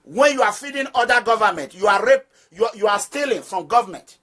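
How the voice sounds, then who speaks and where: This man speaks fast in a high, expressive, bright voice with a forceful tone and a Nigerian accent. An activist movement leader, he preaches political commentary straight at his audience, stressing points through repetition.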